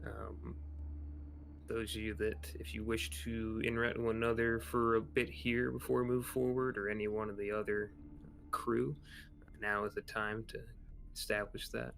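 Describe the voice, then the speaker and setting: A man's voice: lowish voice, level tone, normal speed, gravelly, a bit bright. A man narrating a tabletop game as game master, loose and conversational.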